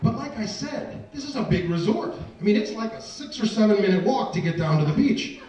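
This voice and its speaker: A man's voice: sits high, sing-song, fairly quick, background noise. A man doing a self-deprecating stand-up routine, telling a story with asides to the audience. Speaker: stand-up comedian. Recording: echoey room, distant mic, audience laughter. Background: audience laughter.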